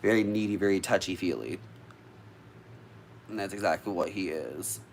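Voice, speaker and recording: A man's voice: low-pitched, normal speed, a little hiss or hum. A man vlogging casually to live viewers about witchcraft, chatty and easily sidetracked, swearing now and then.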